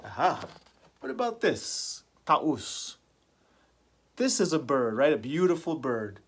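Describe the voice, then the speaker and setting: Male ESL teacher, slightly high voice, very slow and deliberate, drills vocabulary with easy questions. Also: big pitch swings, slightly rough. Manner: repeats key words and asks the class simple questions. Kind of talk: slow vocabulary lesson for language learners.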